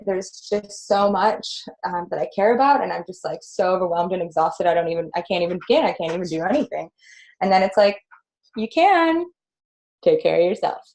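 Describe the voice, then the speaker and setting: A woman leading a webinar, chatty and animated with many fillers. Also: lowish voice, poor audio. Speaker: course host and activist. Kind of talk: casual webinar teaching.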